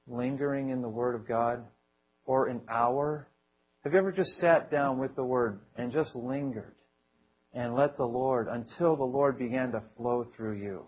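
A man's voice: medium pitch, darkish tone, highs cut off, a little hiss or hum. A man preaching a sermon in an earnest, conversational way, with small jokes and prayerful quotes.

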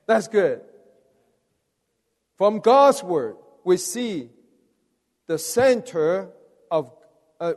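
A man's voice: high-pitched, a little mellow. A man preaching a sermon, rousing, coaxing the audience to respond. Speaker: preacher leading a conference message. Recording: long reverb of a large hall.

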